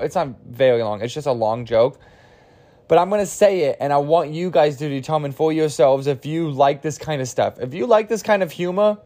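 A man's voice: on the high side, darkish tone. A man in his twenties, tired and losing his voice, telling a joke in a rambling, self-deprecating podcast monologue with frequent restarts and casual swearing. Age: 20s. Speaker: podcast host.

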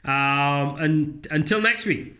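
A man's voice: on the high side, takes it slowly, bright, forceful tone. A young man hosting his own podcast, talking alone and casually in a blunt, sweary way, now and then putting on sarcastic voices. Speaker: podcast host. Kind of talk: casual solo podcast monologue.

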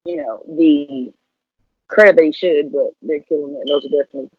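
A woman's voice: low voice, steady tone, a little fast, husky, dry recording. A woman in her thirties, a professional wrestler, chatting casually and playfully in an interview, full of slang. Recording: dull lo-fi audio.

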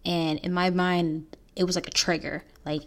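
A young woman hosting a podcast, telling a painful personal story in an earnest, halting way with restarts. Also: lowish voice, flat delivery. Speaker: podcast host.

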